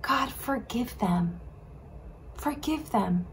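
A woman voicing a man softly and earnestly begging for mercy in a children's Bible story. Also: a little high, animated, extremely slow, slight background noise, exaggerated voice. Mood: pleading.

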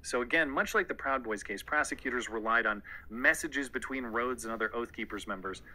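A man's voice: medium pitch, fairly quick, bright, forceful tone, poor audio. A man co-hosting a podcast, explaining a court case in a dry, sardonic way. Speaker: podcast co-host. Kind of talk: podcast commentary.

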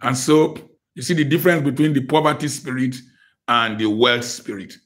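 A man's voice: medium pitch, moderate pace, fairly bright tone. An older man from Nigeria giving an emphatic motivational lecture as guest speaker, with a preacherly style and repeated phrases.

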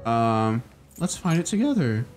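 A man's voice: medium pitch, big pitch swings, unhurried, faint music behind. A man reading aloud the lines of an earnest teenage girl from a game in his own plain voice, without putting on a voice. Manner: reads her lines plainly without a put-on voice.

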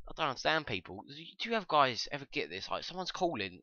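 A young man giving excitable, sweary commentary over his own gameplay, breaking into shouts. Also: mid-range voice, brisk, hardly any pauses, no echo. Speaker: gaming channel host. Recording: dull lo-fi dry mic.

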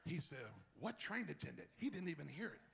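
Bishop, male, high bright gravelly voice, husky, storytelling that climbs to shouting. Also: very animated, a little fast. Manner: rises from low storytelling to shouted, high-pitched preaching. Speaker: bishop, guest preacher. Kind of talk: sermon storytelling building to shouted preaching.

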